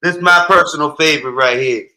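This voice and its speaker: A man talks in a hyping, promotional way in casual chat. His voice is bright and a bit high, and it echoes around the room. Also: fast.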